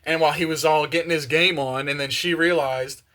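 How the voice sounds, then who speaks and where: Young man, casual rambling, bright tense voice, slightly high, slangy, many fillers, faint kitchen noise. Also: a little fast. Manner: excited, slangy, many fillers, acts out quotes. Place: home kitchen with open windows.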